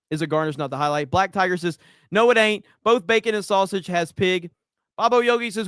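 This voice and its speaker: A man's voice: sits high, fairly bright tone, clear, resonant tone, no room sound, clean studio sound. A man hosting a casual livestream, reading out viewer comments and ranting in a profane, mock-outraged way. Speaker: livestream host.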